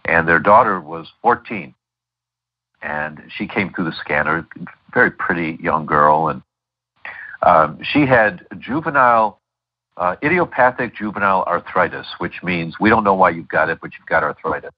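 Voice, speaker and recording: A man's voice: low-pitched, lively intonation, moderate pace, dull audio. A middle-aged man speaking as a guest doctor in an interview, telling stories with many fillers and restarts. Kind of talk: interview over a call.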